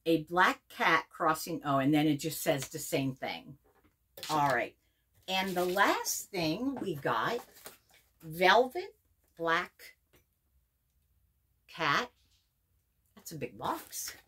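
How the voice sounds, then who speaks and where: A woman's voice: low voice, big pitch swings, slow pace, long pauses, a bit bright, slight background noise. A middle-aged woman from Pennsylvania reviewing a subscription box in a casual unboxing video, gushing and repeating her words as she reads labels aloud.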